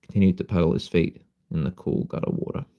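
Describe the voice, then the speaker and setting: Brief: low dark gravelly male storyteller, drowsy, slow reading on a live stream. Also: steady tone. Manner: sleepy, unhurried, apologizes for slips and coughs. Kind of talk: reading a children's story aloud.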